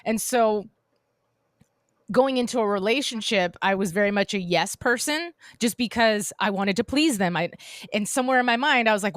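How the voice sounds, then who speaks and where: A woman's voice: mid-range voice, lively intonation, normal speed, a bit bright, no echo, clean studio sound. A woman co-hosting a podcast, telling a long personal story in a chatty, rambling way with many restarts. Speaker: podcast co-host. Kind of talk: casual chat.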